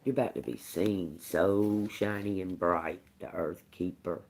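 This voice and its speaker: A woman's voice: rumbling low, measured pace, a little mellow. A woman hosting a casual livestream tarot reading, emphatic and prone to laughing, with casual swearing and phrases repeated for emphasis. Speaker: tarot reader.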